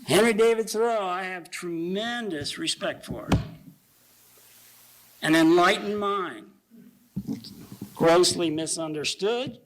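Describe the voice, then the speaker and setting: A man giving a conversational sermon at a church service, reading quotations aloud slowly and asking the congregation rhetorical questions. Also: high voice, fairly bright tone, rough recording.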